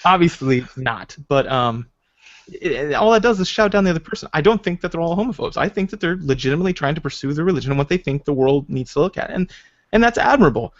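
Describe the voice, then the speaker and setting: A man hosting a casual podcast chat, rambling and animated, with lots of restarts and "like" fillers. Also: on the high side, fast. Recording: slightly dull lo-fi recording.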